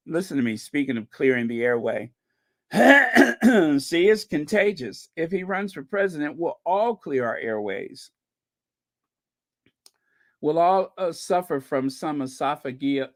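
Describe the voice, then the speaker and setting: A man hosting a casual commentary stream, chatting loosely with many fillers and restarts. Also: fairly high pitch. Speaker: channel host. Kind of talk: casual commentary to a live chat.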